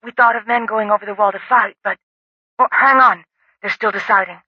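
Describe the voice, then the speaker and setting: A man narrating an audiobook, putting on a hushed woman's voice over a walkie-talkie. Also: sits high, fairly even intonation, breathy edge, no room sound, dull audio, voice pushed up. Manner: hushed, hurried.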